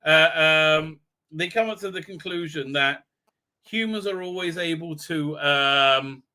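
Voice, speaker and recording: A man's voice: on the high side, a little slow, sharp tone. A man hosting a live stream, recapping an episode in a rambling, irreverent way with lots of fillers. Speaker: show host.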